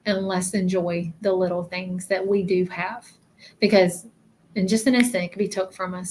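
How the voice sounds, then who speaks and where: A woman hosting a casual live stream, talking softly and haltingly with many fillers as she gives readings to viewers. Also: medium pitch, slight background noise. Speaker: psychic medium livestreamer.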